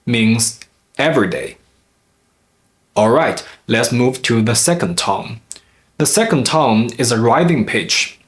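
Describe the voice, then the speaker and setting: A man delivering a scripted language lesson at an unhurried pace. His voice sits at an ordinary middle pitch. He explains in a careful, measured way and stops to sound out each example clearly. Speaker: language teacher.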